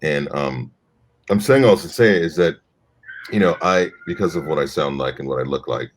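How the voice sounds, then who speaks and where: A male actor speaking in a panel discussion, halting and searching for words as he talks. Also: rumbling low, a little hiss or hum.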